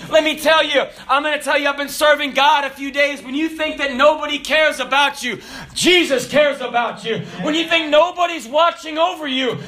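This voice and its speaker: Man in his 40s, pastor preaching, very high voice, bright tone, shouts then drops low. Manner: animated preaching, swinging from shouts to low asides. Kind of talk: sermon.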